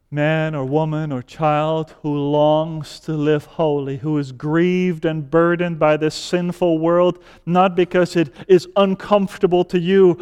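A man preaching a sermon, speaking deliberately and building to fervent emphasis. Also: a little high, darkish tone, smooth. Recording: long hall reverb.

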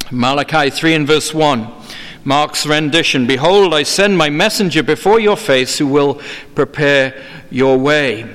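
Guy preaching, kinda high voice, slow formal emphasis, big reverby church hall. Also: fairly bright tone. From England. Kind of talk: sermon.

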